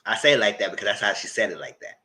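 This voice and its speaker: A man giving casual, chatty recap commentary on a reality show, often jumping into a high voice to mimic people. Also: very fast. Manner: chatty, animated, mock-quotes people in a high voice. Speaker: TV recap host.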